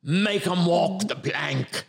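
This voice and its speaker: A man putting on a blustering pirate with a clumsy fake English accent over a New York undertone, hamming it up with growled, drawn-out calls. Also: sits high, creaky, voice pushed up, full character voice. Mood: bellowing. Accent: mock English pirate with New York undertone. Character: blustering male pirate with a bad put-on accent.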